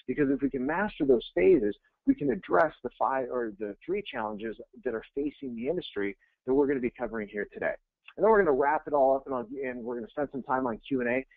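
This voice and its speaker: A man, a real estate coach, giving an energetic, conversational webinar presentation and repeating phrases for emphasis. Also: mid-range voice, fast, creaky, dry recording. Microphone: webinar audio feed. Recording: tinny phone-like line, dry.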